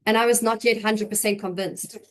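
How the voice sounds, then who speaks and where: Young woman, fairly high voice, halting and emotional, restarts a lot, personal testimony. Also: fairly even intonation. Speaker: guest giving testimony.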